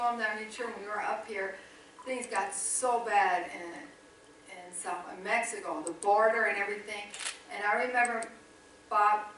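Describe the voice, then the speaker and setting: A woman's voice: medium pitch, fairly bright tone, slight background noise. A woman in her forties speaking at a church as a missionary, chatty and folksy, laughing often at her own asides. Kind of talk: church talk. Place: church sanctuary. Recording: echoey church from far off.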